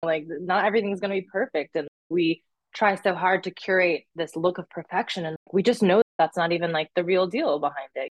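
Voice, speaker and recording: A woman's voice: fairly low pitch, brisk, no echo. A young woman telling stories in casual chat, who fills her talk with "like" and acts out quotes. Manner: chatty storyteller, says "like" a lot, acts out quotes.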